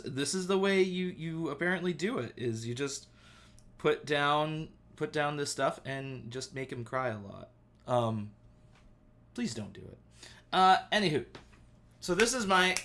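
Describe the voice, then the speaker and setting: Excitable, rambling man on a live stream. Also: on the high side. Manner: rambling and excitable, heavy on fillers. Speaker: livestream host. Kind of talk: casual live-stream chat. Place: at home.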